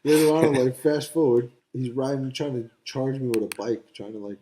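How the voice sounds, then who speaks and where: A man's voice: medium pitch, a little fast, warm tone. A man in his twenties, a professional boxer, telling rambling stories as a podcast guest, laughing often and acting out what people said. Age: 20s. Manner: laughing, rambling storyteller who acts out quotes. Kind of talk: casual storytelling.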